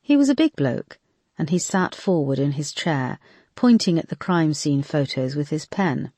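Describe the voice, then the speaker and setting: An audiobook narrator reading a thriller in a measured storytelling manner. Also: mid-range voice, expressive, a little mellow, no echo. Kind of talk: scripted narration.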